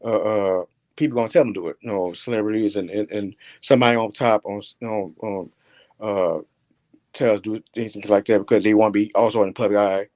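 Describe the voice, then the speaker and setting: A man's voice: fairly low pitch, fairly even intonation, brisk, a little mellow, no echo, muffled recording. A man in his sixties, a retired police officer calling in to a talk show, speaking bluntly with many stumbling restarts. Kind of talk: call-in show commentary.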